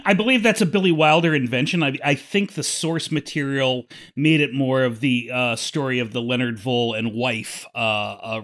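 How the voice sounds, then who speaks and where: A man's voice: medium pitch, a bit bright. A man co-hosting a casual film podcast, speaking hesitantly with many fillers and a playful edge. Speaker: podcast co-host.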